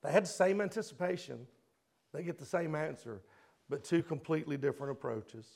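A middle-aged man preaching a sermon with emotion, swinging between loud passages and hushed ones. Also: fairly high pitch, a little fast, gravelly.

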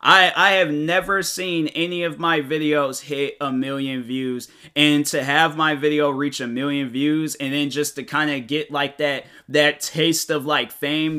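A man's voice: a little high, level tone, unhurried, hardly any pauses, sharp tone, smooth. A young man hosting his own podcast, rambling casually in slang with lots of fillers and restarts. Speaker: podcast host. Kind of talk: casual solo podcast recap.

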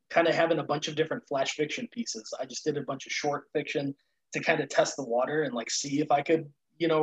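A man appearing as a guest on an interview, talking thoughtfully in a halting way with repeated words and casual fillers. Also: a little high, poor audio. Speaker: guest writer.

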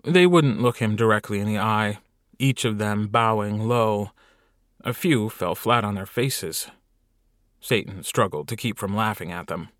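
A man reading an audiobook with wry, lively storytelling. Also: fairly low pitch, unhurried, no echo, studio quality. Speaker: audiobook narrator. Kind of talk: scripted narration.

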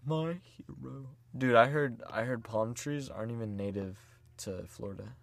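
A man's voice: fairly low pitch, moderate pace, no echo. A young man co-hosting a podcast in casual chat, laid-back and joking, laughing often. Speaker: podcast co-host.

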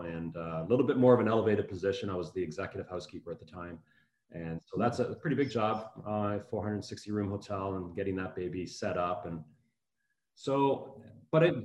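A hotel executive in his fifties, appearing as an interview guest, speaks in a fairly low, slightly mellow voice. His casual, friendly talk rambles with many restarts, recorded in an echoey room.

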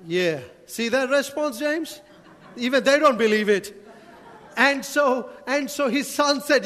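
High-voiced preacher man. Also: expressive, measured pace, bright, forceful tone. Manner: preaching with rhetorical questions and humorous asides to the congregation. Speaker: pastor. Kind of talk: sermon. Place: church hall. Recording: long hall reverb.

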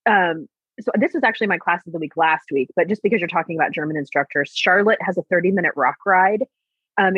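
A woman's voice: lowish voice, breathy edge, dry recording. A woman co-hosting a podcast, chatting with enthusiasm. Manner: enthusiastic, gushing. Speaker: podcast co-host. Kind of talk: casual chat. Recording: dull, dry lo-fi sound.

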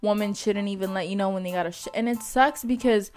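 A woman's voice: medium pitch, quick pace, a little mellow, soft background music. A woman co-hosting a casual podcast chat, telling stories full of swearing and laughter. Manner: profane, laughing storyteller. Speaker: podcast co-host.

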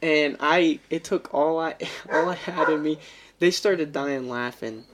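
A man's voice: fairly high pitch, measured pace. A man on a casual podcast, animatedly telling stories and putting on voices. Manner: animated storyteller, puts on voices for prank calls. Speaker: podcast co-host. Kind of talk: casual storytelling chat. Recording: noisy lo-fi home recording.

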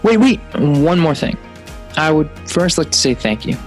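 Man, scripted podcast outro, upbeat call to action, slightly high voice, faint music behind. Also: big pitch swings, normal speed. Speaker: podcast host.

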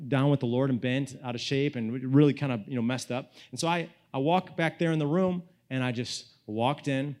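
Animated young male pastor preaching. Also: mid-range voice. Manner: animated storytelling, swings from loud to hushed; casual, frequent fillers like "like" and "you know". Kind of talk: sermon.

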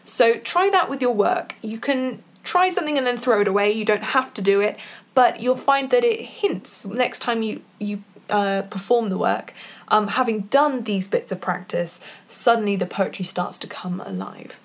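A woman voice actor talks through performance advice in an easy, conversational manner. She is informal, with relaxed fillers. Her pitch sits at an ordinary middle level for a woman. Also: moderate pace. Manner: chatty, with fillers and small laughs, demonstrating vocal exercises. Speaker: voice actor and poet giving tips. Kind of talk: casual instructional talk.

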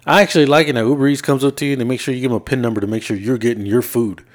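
A mid-range male voice moves at a very fast pace on a podcast he co-hosts. Casual and foul-mouthed, he works through long stories from his week, playing out the dialogue of the people involved and laughing often.

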